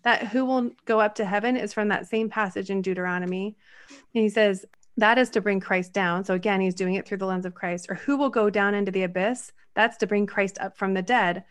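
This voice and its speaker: Woman on a bible podcast, gets excited and keeps going, reads out verses, middle pitch. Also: brisk. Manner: animated, quotes scripture at length, runs on excitedly. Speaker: podcast co-host. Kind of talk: casual Bible discussion.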